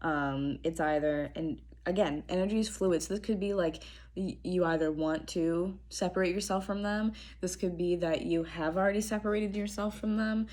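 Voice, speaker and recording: A young woman giving a casual tarot reading to camera. Her throat is strained and she talks in a chatty, relaxed way, clearing her throat often. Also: on the low side, moderate pace. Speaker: tarot reader. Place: apartment room indoors.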